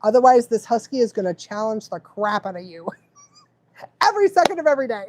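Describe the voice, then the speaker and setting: A woman's voice: fairly high pitch, very animated, brisk, a little mellow. A woman dog trainer hosting a live stream, rambling and laughing often as she goes off on tangents. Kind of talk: casual live stream chat.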